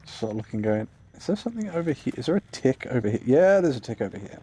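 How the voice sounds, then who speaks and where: A man streaming a game, chatting casually and telling rambling, excitable stories. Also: medium pitch, quick pace, background noise. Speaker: streamer playing a survival shooter. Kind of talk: casual gameplay chat. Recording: game sounds loud behind the voice.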